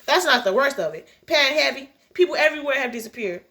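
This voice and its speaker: A woman's voice: high voice, animated, quick pace, pushed and bright, pitched below the performer's own voice, full character voice. A woman reading as a terse male radio pilot. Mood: grave.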